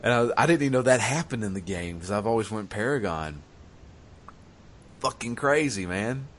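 A man's voice: fairly low pitch, normal speed. A man in casual chat, recounting a video game playthrough with lots of swearing and laughter. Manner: animated storyteller, swears a lot, laughs.

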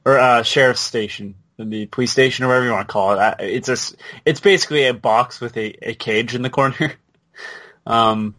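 A man co-hosting a podcast, chatting casually and quickly about a video game with many asides. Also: medium pitch, fairly bright tone. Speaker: podcast co-host.

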